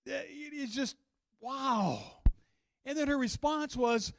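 Animated preacher man, high voice. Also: takes it slowly, no room sound, studio quality. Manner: folksy, animated storytelling with asides. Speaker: pastor. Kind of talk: sermon. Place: church.

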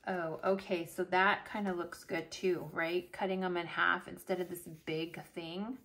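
A middle-aged woman chatting through a long personal story while decorating her planner at home, lively and casual, dropping to soft murmurs as she works. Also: lowish voice, measured pace. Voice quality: animated, chatty, drops to murmurs while working. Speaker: planner vlogger.

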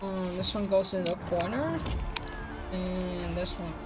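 A woman casually commenting on a video game as she plays, chatty and easily excited, talking to the characters on screen. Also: lowish voice, takes it slowly, over loud music. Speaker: let's play gamer.

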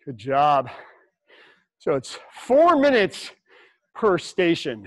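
A man's voice: fairly high pitch, big pitch swings, slow, long pauses, fairly bright tone, dry recording, poor audio. A man coaching a livestream workout, breathless and encouraging, counting down reps. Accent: American. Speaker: fitness coach.

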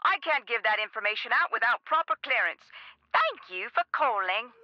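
Game receptionist: perky, sing-song phone patter, muffled line. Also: female voice, fairly high pitch, very animated, moderate pace, no echo. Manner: perky, scripted sales patter. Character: chirpy young woman receptionist for castle staffing. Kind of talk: video game voice acting.

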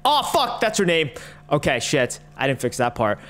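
A man's voice: medium pitch, lively intonation, moderate pace, fairly bright tone. A man ranting in reaction commentary, profane, exasperated and mocking. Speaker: online commentator.

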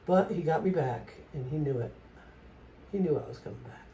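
A woman vlogger chatting casually while she paints, soft-spoken and reflective, often trailing off mid-sentence. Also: low-pitched, animated, moderate pace, vocal fry. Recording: roomy echo with faint noise.

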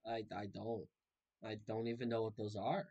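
A man's voice: fairly low pitch, fairly even intonation, normal speed, mellow, lo-fi sound. A young man casually commenting while he plays a video game, joking and reacting aloud to what happens on screen. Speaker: gaming video host. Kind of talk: casual let's-play commentary.

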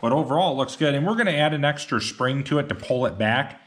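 A man's voice: medium pitch, lively intonation, quick pace, fairly bright tone, slight background noise. A man co-hosting a garage build vlog, talking upbeat and plainspoken with a few uhs. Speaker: YouTube garage builder co-host. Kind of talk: casual shop vlog talk. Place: garage workshop.

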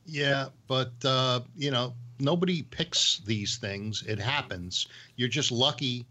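A man's voice: medium pitch, slow pace, bright, forceful tone. A man on a talk panel, chatting casually, encouraging and joking with the host. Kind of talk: casual chat.

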